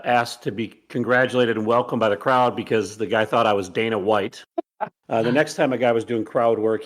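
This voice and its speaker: Wry, low-voiced male co-host. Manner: wry, self-mocking storyteller. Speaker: podcast co-host. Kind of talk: casual chat.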